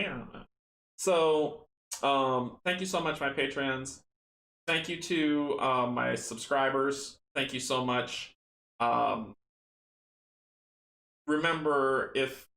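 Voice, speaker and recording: Gravelly-voiced young man, roomy echo. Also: medium pitch, normal speed, fairly bright tone. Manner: earnest, rambling, thankful. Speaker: streamer. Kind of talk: casual stream sign-off chat. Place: home streaming setup at a small table.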